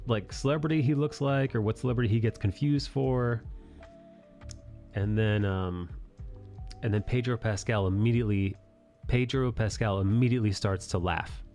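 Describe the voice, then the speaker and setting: A man's voice: medium pitch, darkish tone. A man hosting a live art stream, chatting casually in a rambling, jokey way and thanking viewers. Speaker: streamer host.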